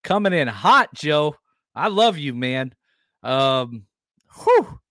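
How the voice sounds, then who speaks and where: Excitable man hosting a sports podcast. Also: a little high, takes it slowly, dry recording, studio quality. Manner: excitable, animated, reads live comments. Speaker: podcast host. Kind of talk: casual sports podcast talk.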